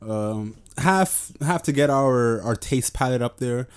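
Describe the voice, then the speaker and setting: A man from New York co-hosting a podcast in casual chat. His voice sits at a middle pitch, and he jokes around with easy profanity. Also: steady tone, measured pace, clean tone. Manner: joking, profane banter. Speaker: podcast co-host.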